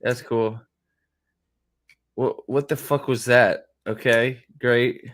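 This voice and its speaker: A man's voice: mid-range voice, fairly even intonation, slow, a bit bright. A young man hosting a show review, giving profane, exasperated, sarcastic reaction commentary as he watches an episode.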